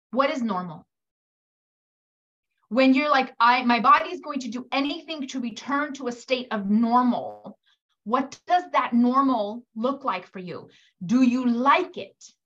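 A woman's voice: high voice, muffled recording. A woman giving a coaching talk to mothers, addressing listeners directly and animatedly acting out quoted parents and kids. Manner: animated, acts out quoted voices.

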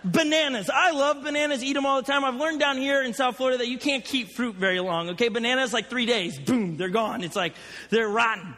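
A man with a very high, bright voice preaches a sermon, rambling through joking personal stories. His voice rings out in a large hall with a long reverb tail. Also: a little fast. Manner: chatty, joking storyteller. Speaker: pastor.

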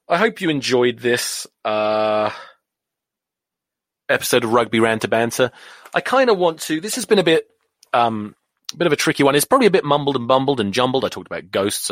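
Middle-aged English man, host, lively swings in pitch, sweary self-mocking rant, nauseous, dry sound. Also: no echo. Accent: English, drifted toward American. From England. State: nauseous, queasy. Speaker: podcast host. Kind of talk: solo podcast rant.

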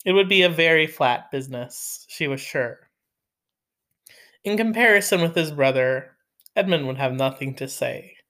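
An audiobook reader working through a classic novel, steady in the narration but dropping dry, sarcastic asides. The tone is casual and unpolished. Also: mid-range voice, moderate pace.

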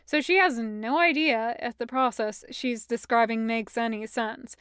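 Smooth-voiced woman reading a story. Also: a little high, no echo, clean studio sound. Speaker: fan fiction audiobook reader. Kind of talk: scripted story narration.

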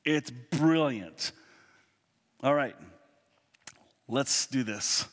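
A man giving a sermon, earnest and reading scripture slowly, with quick asides full of fillers. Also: medium pitch, fairly bright tone. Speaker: pastor. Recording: long hall reverb.

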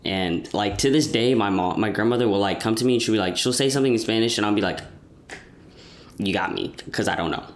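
A man's voice: fairly low pitch, fast. A young man chatting casually as a podcast host, rambling with lots of restarts and fillers. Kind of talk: casual chat.

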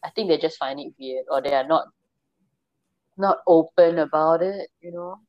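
A podcast co-host joins over a remote call, her voice low-pitched at a moderate pace, with no room sound and the highs cut off. She chats casually, reads sources aloud and laughs at herself.

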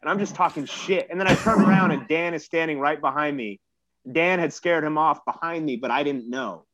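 Higher-voiced man telling a rambling story. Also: a little fast, fairly bright tone, dry recording. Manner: rambling, self-mocking, swears freely. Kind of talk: casual storytelling chat. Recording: dull lo-fi dry recording.

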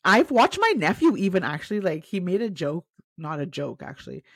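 With a lowish, sing-song, slightly breathy voice, this woman co-hosts a podcast, talking a little fast. The casual chat is full of laughter and offhand swearing, captured in a clean, dry studio recording.

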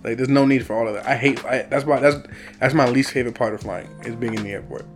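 A man's voice: medium pitch, fast, faint music behind. A young man chatting casually, laid-back and slangy, laughing often as he tells stories. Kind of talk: casual chat.

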